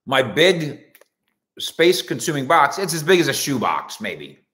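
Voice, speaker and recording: A man's voice: fairly high pitch, very animated, unhurried, sharp tone. A man hosting a sports talk show, rambling through jokey stories and asides in a casual monologue. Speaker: sports radio and web show host. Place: indoors at home.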